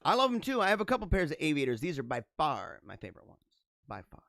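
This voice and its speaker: A man's voice: fairly high pitch, wildly swooping pitch, fast, gravelly, fairly bright tone, no room sound, studio quality. A young man hosting a casual livestream, reading viewer comments and rambling through laughing asides.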